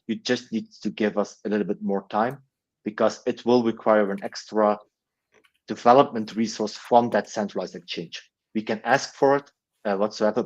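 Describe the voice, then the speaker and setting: A man's voice: lowish voice, dull audio. A man heading a foundation, earnestly explaining answers to community questions on a livestream call, often restarting his words.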